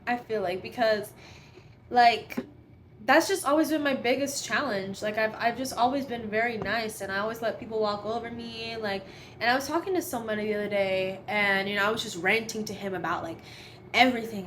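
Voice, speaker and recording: A woman's voice: a little high, a little fast, a bit bright, slight background noise. A young adult woman chatting casually as a podcast guest, laughing often and full of fillers. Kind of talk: casual chat.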